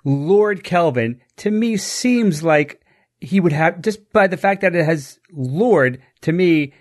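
A man's voice: a little high, expressive, slow. A man co-hosting a casual podcast chat, thinking aloud with hesitant, repeated words. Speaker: podcast co-host.

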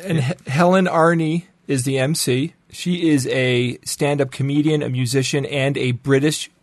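A man's voice: mid-range voice, fairly even intonation, normal speed, no room sound. Laid-back male podcast co-host. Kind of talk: casual chat.

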